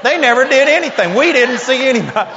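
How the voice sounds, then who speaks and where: A man's voice: very high-pitched, quick pace, noisy background. A male preacher telling a story in a sermon, acting out the voices and laughing often. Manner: animated storyteller, acts out quotes, laughs often. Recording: dull lo-fi recording in a big hall.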